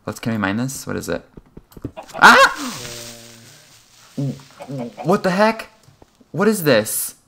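A young man giving casual, rambling commentary over a game he is playing, excitable and self-mocking, with sudden high yelps when startled. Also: normal speed, creaky, a little hiss or hum. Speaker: gaming channel host.

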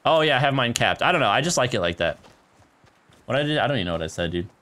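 A male streamer talks through a shooter game in a bouncy, swooping voice of middling pitch. He is chatty and easily excited, laughing often and tossing out "dude" and "guys" as he plays at his home setup on a desk microphone. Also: quick pace. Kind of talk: casual live gameplay commentary. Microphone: desk microphone near a keyboard.

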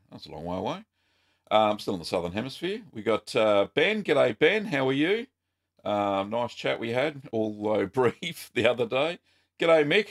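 An Australian man hosting a casual live-stream question-and-answer show, chatty and relaxed with frequent ums. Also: mid-range voice, creaky. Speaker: host.

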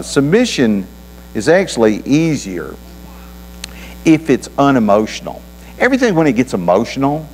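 A man's voice: mid-range voice, a little mellow. A man preaching a sermon in a folksy, conversational way, with homespun anecdotes. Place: church auditorium. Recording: reverberant hall with mains hum.

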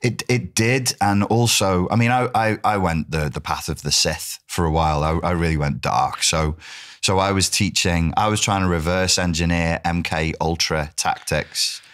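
A British man in his forties, a guest in a casual interview, telling animated stories, swearing freely and acting out quotes. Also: low voice, normal speed. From United Kingdom.

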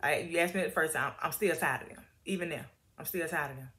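A woman's voice: low-pitched, quick pace, bright, forceful tone, voice pushed down. Woman doing a fed-up tired prophet. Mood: weary. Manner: exasperated, drawling, fed up. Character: weary male prophet venting in slang.

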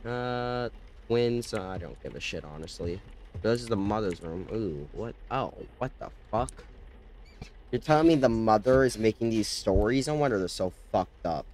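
A young man hosting a horror game let's-play, muttering low and bursting into screamed, profane threats. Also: animated, moderate pace, a little mellow, a little hiss or hum. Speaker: gaming channel host.

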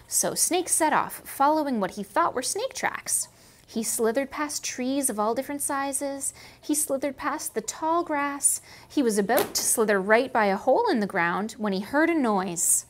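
Canadian woman educator, fairly high, very lively, reads storybook to preschoolers. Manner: slow, sing-song, asks kids questions. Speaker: museum children's educator. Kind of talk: storybook reading and lesson for small kids.

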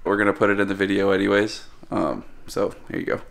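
A man's voice: deep voice, flat delivery, fast, creaky, a bit bright. A man vlogging in an offhand, chatty way, swearing now and then. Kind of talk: casual vlog talk.

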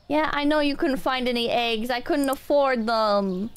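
A woman's voice: sits high, a little slow, few pauses, background noise. A woman streaming a game, chatting casually with her viewers in a chaotic, swearing, self-mocking way. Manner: chaotic, swearing, self-mocking, talking to chat while playing. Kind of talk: casual gaming stream chat.

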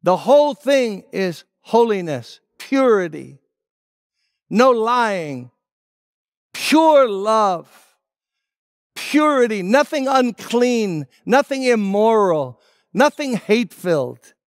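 A man preaching a sermon as pastor, emphatic, dropping to hushed tones and rising on key words. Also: high-pitched, very animated, slow, no echo, studio quality. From United States.

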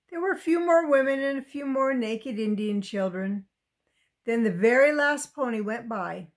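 A woman reading a children's chapter book aloud with gentle asides for young listeners. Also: a little high. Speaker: reader.

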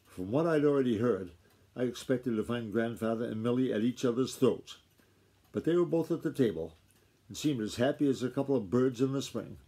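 A father reading a novel aloud to his child at home, steady and unhurried. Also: mid-range voice, husky.

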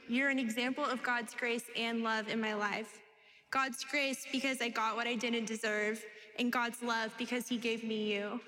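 A woman's voice: a little high, fairly bright tone. A woman, the bride, reading her wedding vows in a tender, emotional voice. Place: wedding venue. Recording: echoey ceremony hall.

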